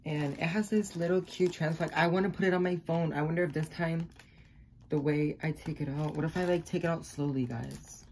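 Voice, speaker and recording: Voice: mid-range voice, fairly even intonation, a little fast, a little mellow, a little hiss or hum. A young adult vlogger unboxing a package in a casual vlog, gushing, swearing freely and squealing with delight.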